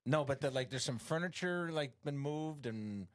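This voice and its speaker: A man's voice: fairly high pitch, expressive, normal speed, dry recording. A man hosting a casual comedy interview show, rambling with frequent restarts and self-deprecating jokes. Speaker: host.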